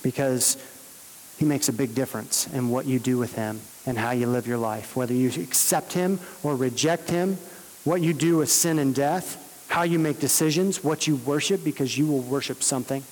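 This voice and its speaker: A man preaching a sermon, earnest and steady, rising to emphatic peaks. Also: mid-range voice, normal speed, big-room sound, slight background noise, rough recording. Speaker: pastor.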